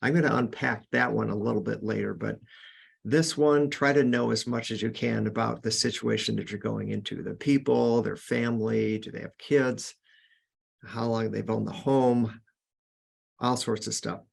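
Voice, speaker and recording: A man's voice: fairly low pitch, steady tone, moderate pace, gravelly, breathy edge. A man hosting a podcast, giving earnest, casual sales coaching with frequent restarts. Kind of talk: casual instructional talk.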